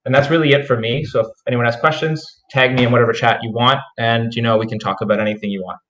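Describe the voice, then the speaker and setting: A man's voice: mid-range voice, steady tone, fairly bright tone, echoey room, lo-fi sound, a little hiss or hum. Nasal-voiced man giving an update. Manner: measured, explanatory, with frequent fillers. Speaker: community team member giving a governance report. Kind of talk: live community call update.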